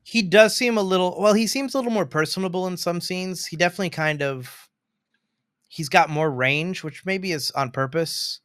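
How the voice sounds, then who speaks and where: A man co-hosting a casual film review podcast, animated and quick to act out lines from the movie. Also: high-pitched, no echo, clean studio sound. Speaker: podcast co-host.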